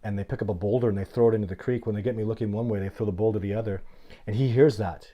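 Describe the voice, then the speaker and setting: A middle-aged man hosting a casual live Q&A, telling stories in an animated, blunt, plainspoken way. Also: on the low side, rapid-fire, lo-fi sound. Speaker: host of a livestream Q&A.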